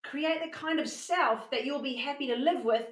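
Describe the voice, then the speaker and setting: Lady giving a motivational workshop talk, fairly high voice, roomy echo, tells stories with lots of energy. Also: moderate pace. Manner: animated storytelling with acted-out quotes. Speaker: workshop presenter.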